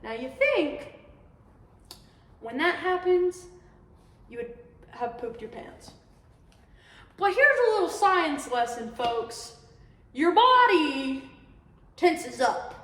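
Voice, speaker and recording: A young woman co-hosting a podcast, telling stories in a casual, animated way and laughing often. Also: high voice, slow pace, pauses often. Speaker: podcast co-host. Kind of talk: casual storytelling chat. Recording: echoey room, far from the mic, faint hiss.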